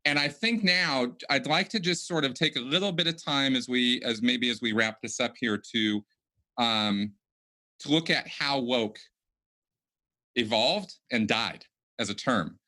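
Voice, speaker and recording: A man hosting a conversational podcast, talking in a halting way with many restarts and repeated words. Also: mid-range voice, sharp tone. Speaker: podcast host.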